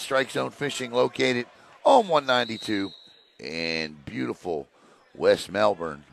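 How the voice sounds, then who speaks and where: A man calling a high school basketball game play by play, excitable on big plays and joking between them. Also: vocal fry. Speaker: play-by-play announcer. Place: gym broadcast position.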